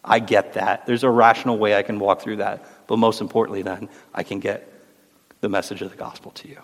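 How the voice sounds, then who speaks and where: A man's voice: lowish voice, level tone, fairly quick. A man hosting a Christian talk show, speaking earnestly and encouragingly in a preacherly way. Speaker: host. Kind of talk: faith discussion on a Christian podcast. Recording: roomy with long reverb.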